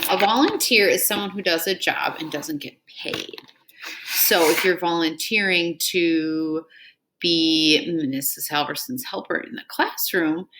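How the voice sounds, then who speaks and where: Slow, patient woman teacher running word drills. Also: deep voice, a bit bright. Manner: call-and-response prompting, repeating "what word?" after each item; patient and encouraging, praising answers. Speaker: elementary reading teacher. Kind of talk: scripted reading drill and read-aloud.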